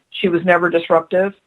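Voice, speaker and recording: A woman's voice: lowish voice, narrow, tinny audio. A woman being interviewed on radio as a spiritual adviser, telling stories earnestly and repeating her key phrases for emphasis. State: choked up.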